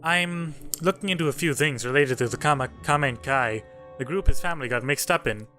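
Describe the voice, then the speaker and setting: Dude reading a lady detective, hesitant, kinda guarded, bright voice, little music underneath. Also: a little high, fairly quick. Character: young woman detective, guarded and determined. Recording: faint game music under voice.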